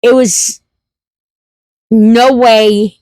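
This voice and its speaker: Middle-aged woman, vlog storyteller, unhurried, close dry sound. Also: fairly high pitch, steady tone, darkish tone, dry recording. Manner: laughs through her story, repeats herself. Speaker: homestead vlogger. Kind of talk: casual storytelling.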